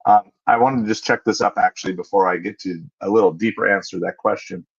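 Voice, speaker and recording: A man's voice: deep voice, vocal fry, slightly rough, highs cut off. A man hosting a casual livestream, answering viewers' questions in a conversational way and thinking aloud as he looks things up. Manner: conversational, thinks aloud, pauses with fillers while looking things up. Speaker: livestream host.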